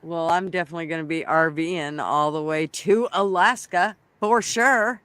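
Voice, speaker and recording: A man's voice: fairly high pitch, moderate pace, bright, forceful tone, clean tone, no echo. A man hosting a casual online panel, laughing often and encouraging the guest to keep talking. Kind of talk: casual chat.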